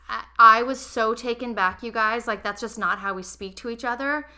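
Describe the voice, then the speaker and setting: Bright-voiced young woman telling a story. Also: on the high side, normal speed. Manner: animated, emotional, addresses listeners directly. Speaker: podcast host. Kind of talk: casual confessional storytelling.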